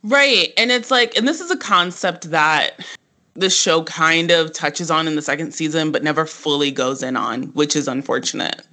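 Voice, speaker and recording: A podcast co-host talks through a TV episode in loose, casual chat. The voice is bright and forceful, peppered with "like," laughs and cheerful swearing. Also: medium pitch, normal speed. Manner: animated and profane, lots of "like" fillers and laughter.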